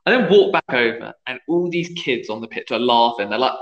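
In a relaxed podcast chat, a young youth football referee narrates a story and voices the characters he quotes. He speaks at medium pitch, animated and a little fast. The recording has echo from the room and a dull, lo-fi sound.

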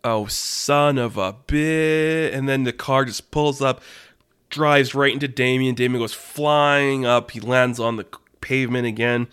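A man's voice: mid-range voice, moderate pace, clean tone. Rambling man spinning a tale. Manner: animated, rambling with restarts. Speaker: podcast host. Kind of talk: casual improvised storytelling.

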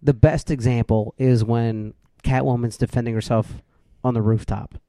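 A man's voice: medium pitch, normal speed, dry recording. A man co-hosting a casual movie chat, telling stories with lots of "like" fillers. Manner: animated storyteller, lots of "like" fillers.

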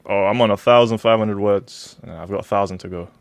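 A man's voice: lowish voice, brisk, no room sound. A young man, a student, chatting casually with friends in a laid-back, dry manner. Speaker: podcast co-host, student. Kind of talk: casual chat.

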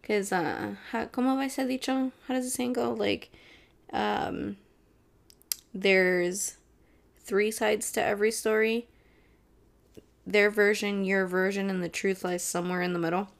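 Chatty woman with a gravelly edge. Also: medium pitch, steady tone, a little slow, long pauses. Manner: chatty, blunt, swears freely. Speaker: podcast host. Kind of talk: casual solo podcast chat.

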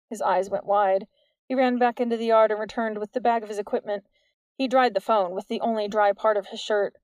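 A woman giving steady, measured scripted narration of a novel into a close studio mic. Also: mid-range voice, no room sound. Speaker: audiobook narrator.

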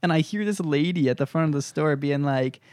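Laughing, animated young man telling stories. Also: on the high side, brisk, clear, resonant tone, no room sound, studio quality. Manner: animated, laughing, swears freely. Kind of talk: casual chat, storytelling.

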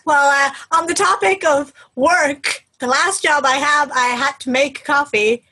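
A woman's voice: high-pitched, fairly even intonation, unhurried, bright, forceful tone. A young woman in her twenties, co-hosting a podcast in chatty, casual talk and laughing often. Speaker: podcast co-host. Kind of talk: casual chat.

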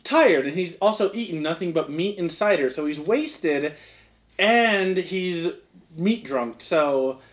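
A man's voice: a little high, expressive, takes it slowly. A young man narrating as game master in a casual, rambling way, full of fillers. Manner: rambling, filler-heavy, laughs often.

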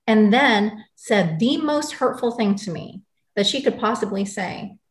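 With a mid-range voice, lively intonation and an unhurried pace, a woman in her forties from the United States tells her story in an interview. She is blunt, intense and angry, and a roomy echo colors the recording.

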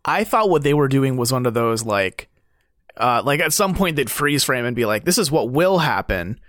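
A man in a casual game discussion, excitable, laughing often and swearing now and then. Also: mid-range voice, normal speed, no room sound, clean studio sound.

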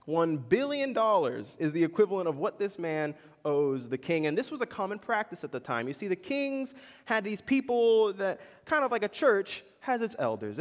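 A man preaching a sermon in a church, talking casually and putting questions to the congregation. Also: high voice. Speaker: pastor. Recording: long reverb in a large hall.

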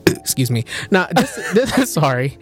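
A man's voice: on the high side, big pitch swings, unhurried. A young man hosting a podcast, animatedly telling a dream story with laughs, casual chat among friends. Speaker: podcast host.

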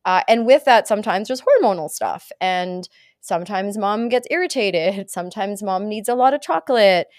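A middle-aged woman, a podcast guest, telling a funny family story in a casual, animated way, laughing often and acting out other people's lines. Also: mid-range voice, moderate pace, no room sound, clean studio sound.

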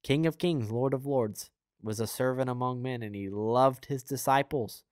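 A man's voice: mid-range voice, normal speed, a little mellow, clean tone, no echo, clean studio sound. A young man with the hiccups, hosting his own show and giving a casual, earnest Christian teaching full of fillers and asides. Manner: earnest, conversational, rambling with fillers. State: has the hiccups. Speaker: podcast host and preacher.

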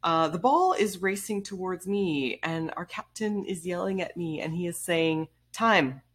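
A woman in her thirties telling a story in a casual vlog, animated and wry, blunt, swearing casually and laughing as she goes. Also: lowish voice, moderate pace, breathy edge. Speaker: vlogger.

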